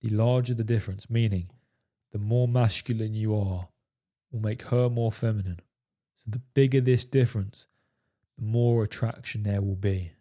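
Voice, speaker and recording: A man's voice: on the low side, fairly even intonation, normal speed, warm tone. A man talking straight to his viewers as a dating coach, emphatic and profane, peppering his talk with "fellas" and "right?". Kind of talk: coaching monologue to camera.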